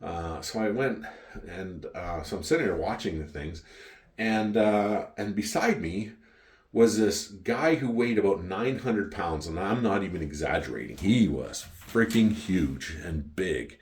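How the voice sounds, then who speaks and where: A middle-aged man from Canada with a Canadian accent, telling a story in a casual, profane, animated way. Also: low-pitched, a little slow. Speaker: wine collector vlogger.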